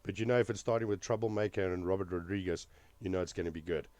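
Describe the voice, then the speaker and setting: A man's voice: low-pitched, fast talker, darkish tone, no echo. A man hosting a casual movie reaction video, talking in a rambling way with many fillers and restarts.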